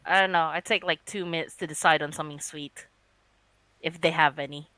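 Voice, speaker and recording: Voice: mid-range voice, fairly even intonation, brisk, sharp tone, no echo. A player in a tabletop game, laid-back and giggly.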